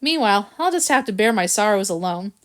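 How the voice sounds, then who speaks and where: Pompous male bulldog, put on by a woman, gruff, mumbling. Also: mid-range voice, animated, a little fast, lightly acted. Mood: blustering.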